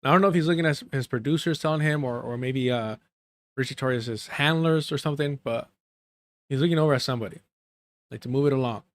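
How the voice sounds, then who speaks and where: A man's voice: medium pitch, fast, no echo. A man giving live reaction commentary on a clip, mocking and profane, breaking into laughter.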